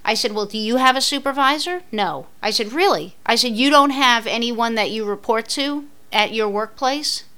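Woman co-host, story-driven, bright edgy tone, slightly high pitch, acts out the dialogue. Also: moderate pace, few pauses, clean tone. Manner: animated retelling, acting out both sides of an argument. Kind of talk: casual storytelling chat.

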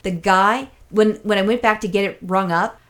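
A woman's voice: medium pitch, moderate pace, fairly bright tone. A woman telling a long, rambling, exasperated story in casual chat, swearing freely. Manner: acts out other people's voices in quotes.

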